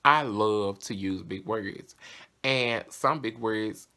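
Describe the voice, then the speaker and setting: A man's voice: fairly low pitch, slow pace, vocal fry, bright, forceful tone. Sassy young man with a Southern drawl. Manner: chatty, candid and sassy. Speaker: vlogger. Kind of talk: casual confessional vlog.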